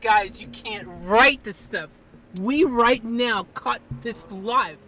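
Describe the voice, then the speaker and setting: A woman live streamer talking to her viewers and an AI assistant in an excitable, exasperated way, swinging between shouting and muttering. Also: on the high side, takes it slowly. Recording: distant mic, faint background noise.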